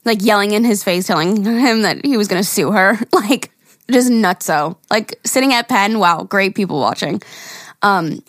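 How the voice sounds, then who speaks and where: A young woman co-hosting a podcast tells a story in casual chat, acting out the quotes and swearing freely. Her medium-pitched voice is a bit bright, recorded at studio quality with no echo.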